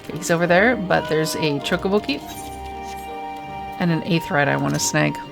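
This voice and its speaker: Woman, game streamer, casual commentary, self-mocking, low voice, faint game music. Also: moderate pace, vocal fry. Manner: chatty, self-mocking asides.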